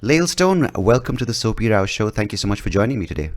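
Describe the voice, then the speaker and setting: A man's voice: on the low side, racing, soft background music. A man from India, hosting a podcast in a casual, rambling and profane way, often laughing at his own jokes. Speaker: podcast host.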